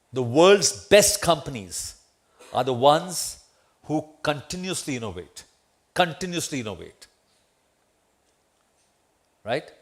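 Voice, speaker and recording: A middle-aged guest lecturer with an Indian English accent and a voice on the high side delivers a memorial lecture to students in an auditorium. His manner is conversational; he puts questions to the audience and tags lines with "right?".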